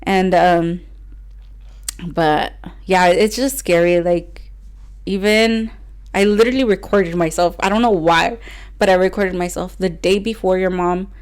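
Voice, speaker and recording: A young woman co-hosts a faith podcast in a clear, resonant, fairly low voice, steady in tone and measured in pace. Her casual chat rambles with frequent laughs and plenty of "like" fillers, and at moments she's teary.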